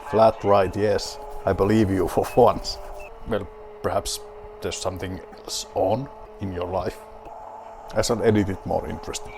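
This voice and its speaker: A man's voice: deep voice, steady tone, a little slow, noisy background. A man with a Finnish accent playing a rally game and talking to himself, wry and mock-grand, with a beer at hand. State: drinking beer while playing. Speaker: gaming video host.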